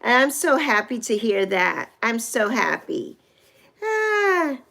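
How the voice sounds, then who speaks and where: Effusive sixties woman, high lively voice. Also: measured pace, gravelly. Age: 60s. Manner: effusive, greets viewers by name with squeals of delight. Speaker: livestream host. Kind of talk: casual livestream greetings to chat.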